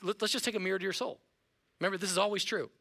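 A middle-aged male pastor preaching a sermon in a playful, animated way, acting out voices of his listeners. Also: sits high, racing, creaky. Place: church auditorium.

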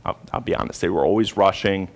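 A man's voice: low-pitched, fast talker, creaky. A man preaching a sermon, telling a personal story earnestly with frequent restarts.

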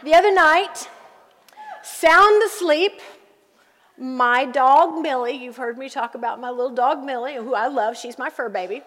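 A middle-aged woman pastor preaching a sermon, telling family stories with lively asides to the congregation. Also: high-pitched, normal speed, few pauses, big-room sound.

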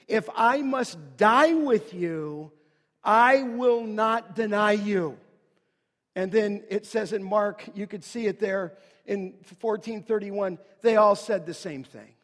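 A man preaching an earnest, emphatic sermon that builds to loud declarations. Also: high-pitched, in a large hall. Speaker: pastor.

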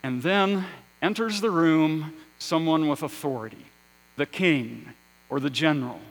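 Slow, measured male preacher. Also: a little high, low-quality recording. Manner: slow, measured preaching with rising emphasis and hushed endings. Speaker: pastor. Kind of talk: sermon.

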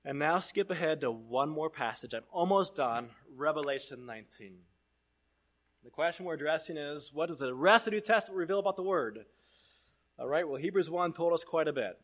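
A man preaching a sermon, reading scripture aloud and swinging between loud proclamation and hushed asides. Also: on the high side, animated, brisk.

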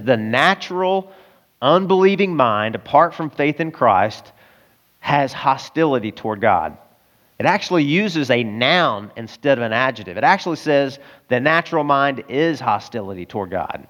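Southern American pastor, higher-pitched voice. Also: male voice, fairly bright tone. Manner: conversational, emphatic preaching with rhetorical questions. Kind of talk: sermon.

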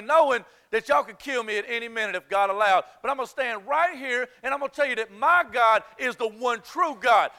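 A man preaching a sermon voices a defiant male prophet who challenges a crowd in a rapid, declaiming way. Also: very high-pitched, bright, forceful tone, exaggerated voice.

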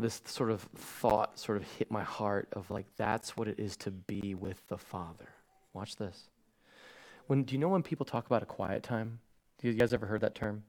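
A man, a pastor preaching a sermon to a congregation, acting out family stories with lively swings and falling soft and hushed when he turns reflective. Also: on the low side. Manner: animated storytelling, acting out his own shouting at bedtime. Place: church stage before a congregation.

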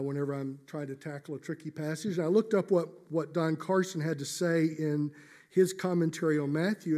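Man, pastor, sermon in church, high-pitched voice, emphatic measured delivery. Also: mellow. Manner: emphatic, measured preaching with slowed stressed phrases.

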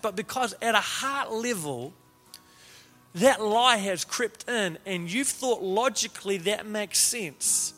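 A man preaching a sermon as he tells a story, animated and often repeating words at the start of phrases. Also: high-pitched. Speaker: pastor. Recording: reverberant hall with faint music.

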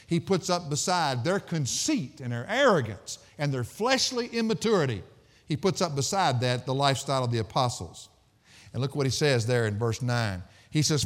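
A man's voice: on the high side, big-room sound. A man preaching a sermon as pastor, folksy and jokey, telling stories and reading scripture. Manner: folksy, jokey storytelling with laughs.

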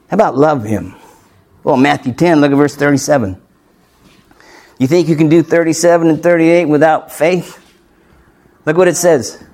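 A man's voice: on the high side, a little mellow. A man preaching a sermon as pastor, emphatic and often turning to the congregation with questions.

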